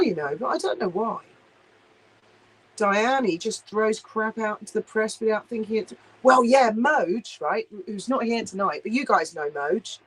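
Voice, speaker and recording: A woman's voice: mid-range voice, low-quality recording. A woman hosting a casual livestream, reading viewer comments aloud and answering in a chatty, blunt, sweary way. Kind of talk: casual live chat.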